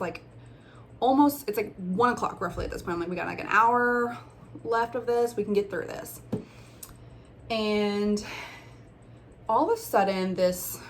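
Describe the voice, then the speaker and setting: A woman's voice: mid-range voice, slight background noise. A young woman telling a personal story in a casual vlog, chatty with lots of fillers and restarts. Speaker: storyteller, former bartender.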